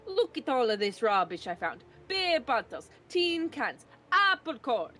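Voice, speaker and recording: A woman voicing a vain, touchy male photographer from a game with a put-on Italian accent and a lively, indignant delivery. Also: fairly high pitch, unhurried, full character voice. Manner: indignant and boastful. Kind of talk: reading a game aloud on stream.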